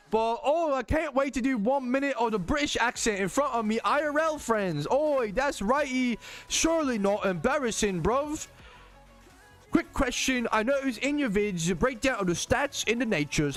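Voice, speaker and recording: Cheeky exaggerated British lad, put on by a male streamer, pitched up high. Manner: overdone slangy banter, high and bouncy. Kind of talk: streamer putting on a joke accent.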